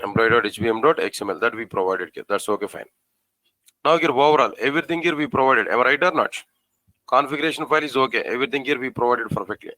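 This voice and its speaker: Male coding instructor, mid-pitched, talks through code step by step with lots of questions to the class, dry sound. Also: sharp tone, dry recording, low-quality recording. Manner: repetitive, asks the class questions, spells out code slowly. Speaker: programming teacher. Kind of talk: live coding lesson.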